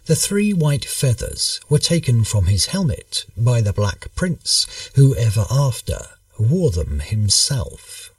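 A man narrating a history story in a measured, storytelling manner. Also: mid-range voice, big pitch swings, dry recording, far from the mic.

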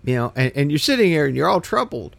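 Man, Bible teacher, reads verses then comments, emphatic, restarts often, animated pitch. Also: quick pace, gravelly, dry recording. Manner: emphatic, with frequent restarts and repetitions. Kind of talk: scripture reading with sermon commentary.

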